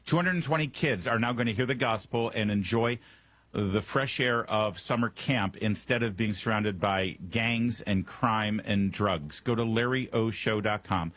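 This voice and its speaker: A male talk radio host runs through a monologue, teasing and joking as he goes. His voice sits low with a husky edge. The booth sounds dry and close. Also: unhurried, dry recording. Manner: wry, joking, animated asides. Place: Washington, D.C. studio.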